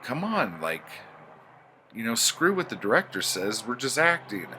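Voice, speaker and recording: A man's voice: medium pitch, sing-song, unhurried, sharp tone, a little hiss or hum. A man voicing an alarmed young male sailor who pleads in exasperation. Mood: protesting.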